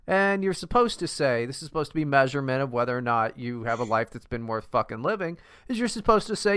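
Male podcast co-host, exasperated profane ranter, animated, dry sound. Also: medium pitch, fairly quick, dry recording. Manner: profane, exasperated ranting with restarts. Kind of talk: casual chat.

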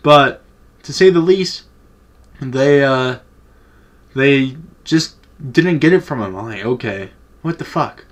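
A man's voice: medium pitch, expressive, slow pace, pauses often. A young man vlogger telling a childhood story in a casual, profane, laid-back way.

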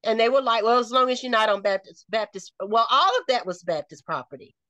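A woman's voice: a little high, animated, fairly quick, sharp tone, no echo. A middle-aged woman from North Carolina with a Southern accent, retelling a personal story in conversation and acting out the quoted dialogue. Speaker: interview guest.

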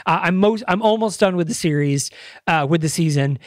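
A podcast host chatting casually and with real enthusiasm. The voice sits at a middling pitch and sounds dry and close to the mic. The delivery rambles, with plenty of filler words, restarts and the odd curse. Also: fairly quick, dry recording. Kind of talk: casual chat.

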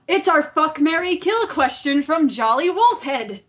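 A high-pitched woman from Ireland chatting on a casual podcast. She is giggly and chatty and breaks into quick asides. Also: animated, a bit bright, dull audio. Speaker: podcast co-host.

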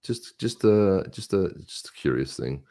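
A man's voice: sits low, big pitch swings, a little slow, warm tone. A man co-hosting a casual talk show, telling stories in a rambling way with many restarts. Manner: jumps between voices for quoted people. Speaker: co-host. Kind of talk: casual chat.

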